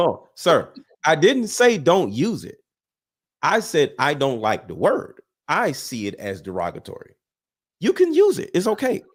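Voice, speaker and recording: A man debating with heat, his pitch swinging widely as he presses his point. He repeats himself for emphasis, swears freely and talks over the other side with "hold on" and "listen". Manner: interrupts with 'listen' and 'hold on'. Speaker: guest debater. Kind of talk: heated debate.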